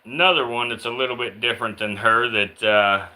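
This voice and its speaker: Guy chatting on his snake stream, laid back drawl, bright tone. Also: mid-range voice, brisk, poor audio. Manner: relaxed, drawling, reads out viewer names and questions. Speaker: reptile keeper streaming live. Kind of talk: casual live-stream chat.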